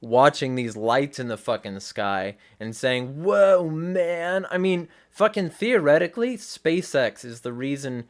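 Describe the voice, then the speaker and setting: A man's voice: medium pitch, animated, unhurried, few pauses. A man hosting a livestream, giving blunt, profane commentary and often restarting mid-sentence. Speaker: host.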